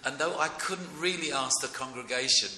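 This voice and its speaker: A middle-aged man giving an informal devotional class in a temple room, rambling and excitable, often breaking into chuckles. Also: medium pitch, normal speed. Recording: echoey room with faint noise.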